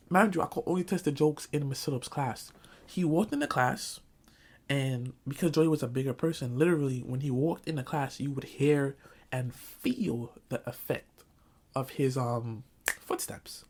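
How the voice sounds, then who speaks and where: A man's voice: medium pitch, moderate pace, a little mellow. A young man telling a comic school story in a storytime vlog, acting out quotes. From Jamaican family, Caribbean community. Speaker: vlogger.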